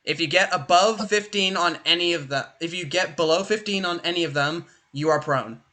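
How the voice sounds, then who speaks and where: A young man running a tabletop game, his voice bright and a touch high. He narrates the action quickly and animatedly, filling pauses with "uh" and "like". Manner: animated, fast, filler-heavy. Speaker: game master.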